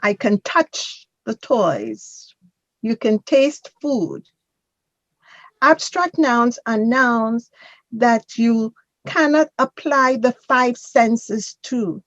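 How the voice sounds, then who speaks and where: A woman's voice: on the high side, expressive, very slow, a bit bright, no room sound, muffled recording. A woman teaching a grammar class, patiently correcting a student and drilling pronunciation. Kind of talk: online class instruction.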